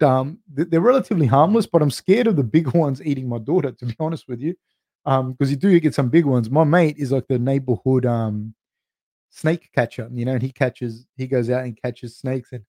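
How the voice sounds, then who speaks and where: With a medium-pitched, warm voice on a dry, studio-quality recording, this Australian podcaster in his thirties fields questions from live chat. The talk is a casual live-stream Q&A, loose and chatty, peppered with swearing and "dude".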